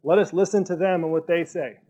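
A man preaching a sermon as pastor in a casual, animated way, sometimes acting out what others might say. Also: on the high side, fairly quick. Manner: animated, conversational, acts out quoted speech. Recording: dull lo-fi recording.

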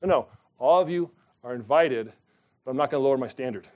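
A middle-aged pastor preaches a sermon from the pulpit, emphatic and animated, breaking into sudden loud rises. His voice is medium-pitched and he talks fast, though the recording is muffled.

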